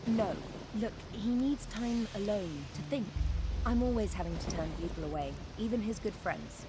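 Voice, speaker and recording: A woman's voice: mid-range voice, expressive, normal speed, close to an everyday voice. A woman voicing a curt game gatekeeper. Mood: dismissive. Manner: dismissive, brusque. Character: curt female gatekeeper turning visitors away. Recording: game audio under loud noise, distant.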